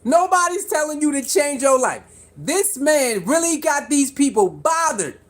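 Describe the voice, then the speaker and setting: Animated vlogger ranting to viewers. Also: sits high, measured pace. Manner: animated, repetitive, rhetorical questions to viewers. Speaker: sports commentary vlogger. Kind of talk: casual commentary to camera.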